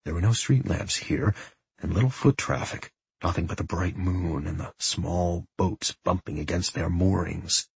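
A man narrates a story at an unhurried, measured pace. His voice is strongly husky and breathy, sitting a little low. The sound is dry and close, with no room around it. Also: no echo. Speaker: audiobook narrator. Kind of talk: scripted narration.

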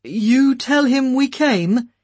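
A polite, upset husband speaks in measured, apologetic sentences that turn firm, as a woman narrator reads him. The storybook voice is husky, lightly raised, and heard close and dry. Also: high voice, expressive, a little mellow, dry recording, pitched above the performer's own voice, full character voice.

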